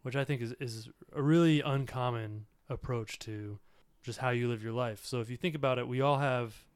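A man's voice: mid-range voice, normal speed, clean tone, no echo. A man in his thirties hosting a casual podcast with his wife, talking in an earnest, reflective way with many filler words. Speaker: podcast host.

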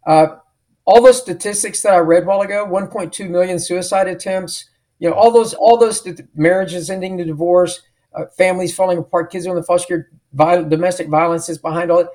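A man's voice: high-pitched, steady tone, fairly quick, a little mellow. A middle-aged man, an author and podcast guest, telling a story emphatically and acting out the dialogue he remembers. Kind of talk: storytelling in an interview.

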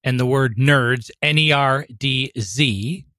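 A man's voice: medium pitch, slow, sharp tone, dry recording. A man co-hosting a podcast in casual chat, friendly and explaining things step by step. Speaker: podcast co-host.

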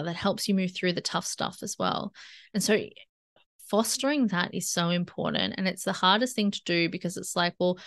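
A woman's voice: on the low side, a bit bright, clean tone. Chatty woman giving relationship advice. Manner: conversational, acts out inner dialogue in quick asides. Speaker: podcast host. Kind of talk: solo relationship-advice podcast.

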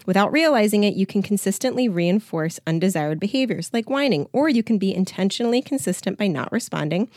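A woman's voice: mid-range voice, lively intonation, a little fast, hardly any pauses, darkish tone, dry recording, clean studio sound. A woman podcast host and coach, reading passages from a book aloud and adding casual, filler-heavy commentary. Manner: conversational, frequent filler words.

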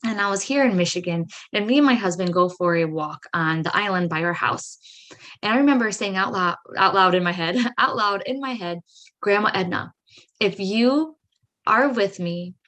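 A woman hosting a podcast who tells a personal story in a chatty way. She says "like" and "right?" a lot and acts out her own excited reactions. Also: medium pitch. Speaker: podcast host.

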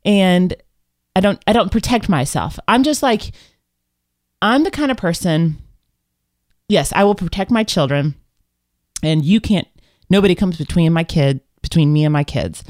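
A woman co-hosting a casual live talk show, telling stories in an animated, candid and self-reflective way. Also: fairly low pitch, normal speed, long pauses, dry recording, clean studio sound. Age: adult with children. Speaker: podcast co-host. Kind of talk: casual chat.

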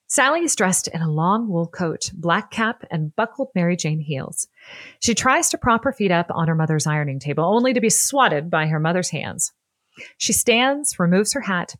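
A woman narrating a scripted history podcast in an expressive, playful way. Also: mid-range voice, dry recording. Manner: expressive and playful, laughs often.

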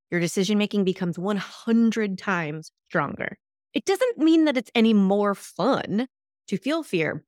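A woman hosting a solo self-help podcast, talking in a lively coaching tone. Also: medium pitch, no room sound, clean studio sound. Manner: lively coaching tone, acts out imagined reactions. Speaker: podcast host.

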